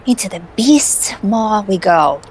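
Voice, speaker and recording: A woman's voice: mid-range voice, expressive, takes it slowly, darkish tone, a little hiss or hum, poor audio. A woman voicing a scheming, tech-savvy young woman with a wry, offhand delivery, in a fan voice acting of a game.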